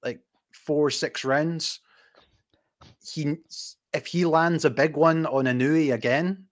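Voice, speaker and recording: A man hosting a casual boxing chat, talking in a rambling, chatty way with quick restarts. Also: a little high, fairly even intonation. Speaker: host.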